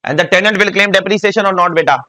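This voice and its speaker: A man's voice: sits high, racing, pushed and bright. A man with an Indian English accent giving a classroom tax lecture, often quizzing the class and repeating key points. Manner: asks the class frequent check questions.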